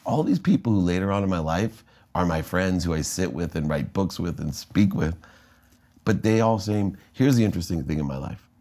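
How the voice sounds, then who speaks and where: A middle-aged American man with a low, mellow voice recounts his own story in conversation. He tells it with energy, shifting into the voices of people he quotes. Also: animated, normal speed. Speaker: interview guest, entrepreneur.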